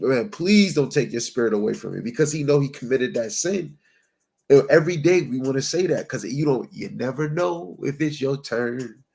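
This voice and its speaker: A preacher with a creaky, medium-pitched, slightly mellow voice leads a conversational Bible teaching. Emphatic and heavy on street slang, he constantly checks in with "right?" and reads scripture aloud in old-style language.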